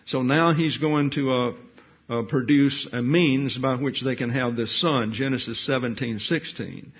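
A man teaching a Bible study in sermon style, reading scripture aloud with deliberate emphasis. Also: medium pitch, breathy edge, highs cut off.

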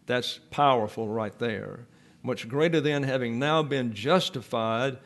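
A man delivers an expository sermon at an unhurried, measured pace, leaning on repeated phrases to drive each point home. His voice sits in a middle pitch, and he teaches in a plain, deliberate way. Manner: slow, deliberate, repeats key phrases for emphasis. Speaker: preacher.

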